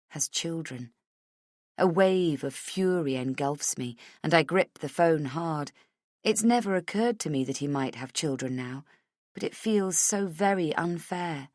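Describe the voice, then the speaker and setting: A woman reading a first-person thriller audiobook in a measured, tense way, close to the mic. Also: sits low, no room sound. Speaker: audiobook narrator.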